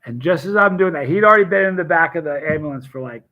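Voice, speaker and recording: A man hosting a casual live stream, telling animated stories with restarts and acted quotes. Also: fairly high pitch, fast, dull audio. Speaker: hot sauce seller and channel host.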